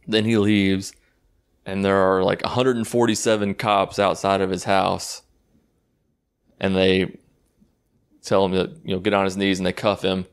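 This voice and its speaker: A man's voice: deep voice, smooth. A man giving a casual, rambling and sarcastic recap of a movie, swearing freely as he goes. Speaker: YouTube movie reviewer.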